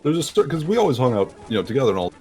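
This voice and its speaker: A man's voice: mid-range voice, sing-song, very fast, noisy background. A young man chatting casually on a voice call, rambling with many fillers and acting out quotes. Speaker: let's play host. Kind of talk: casual chat over a voice call.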